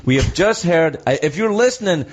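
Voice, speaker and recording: A man's voice: on the high side, expressive, brisk. A middle-aged man hosting a comedy radio show, chatting playfully and joking with his guest. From from abroad, moved to America as an adult. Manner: playful, jokey, launches into silly voices. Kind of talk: comedic radio chat and ad read.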